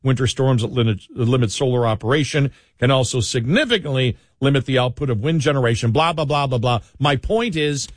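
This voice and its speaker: A man's voice: medium pitch, a little fast, few pauses, no room sound, clean studio sound. Sarcastic talk radio host, a man. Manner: sarcastic, mocking, mimics others.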